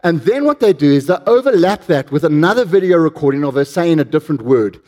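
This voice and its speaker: A man's voice: fairly high pitch, expressive, quick pace, warm tone. A man preaching a sermon, telling stories with animation and putting questions to the congregation.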